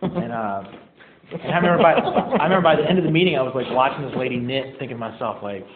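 A man's voice: medium pitch, expressive, fast talker, a loud crowd. Casting: man, casual self-mocking storyteller at a meeting, quotes others in put-on voices; thin tinny sound. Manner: casual, self-mocking, filler-heavy with many "like"s; acts out quoted people in his story. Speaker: speaker sharing his recovery story. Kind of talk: storytelling talk to a live audience. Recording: tinny, echoey hall recording.

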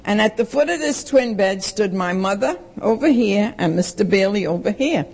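A woman's voice: mid-range voice, expressive, moderate pace, vocal fry, a little mellow, husky. A woman, giving a blunt, plain-spoken personal testimony at a recovery meeting and acting out the voices of the people in her story. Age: 60s.

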